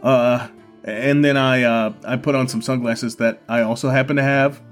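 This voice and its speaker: A man playing a tabletop game who describes his character's actions in an animated, playful way. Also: medium pitch, normal speed, faint music behind. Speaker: player.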